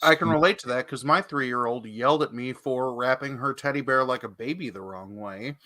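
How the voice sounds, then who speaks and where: A man's voice: mid-range voice, normal speed, pushed and bright. A man hosting a live comic book auction stream, chatty and joking, who swears casually.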